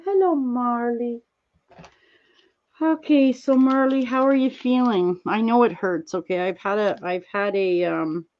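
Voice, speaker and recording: Woman rambling to her chat while crafting, slow and kind, lots of ums, slightly muffled audio. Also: on the low side. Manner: rambling, gently reassuring, many fillers. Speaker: livestreamer answering chat.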